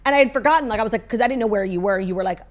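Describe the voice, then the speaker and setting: A woman co-hosting a podcast in casual chat, animated and giggly, talking in quick bursts. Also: mid-range voice. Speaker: podcast co-host.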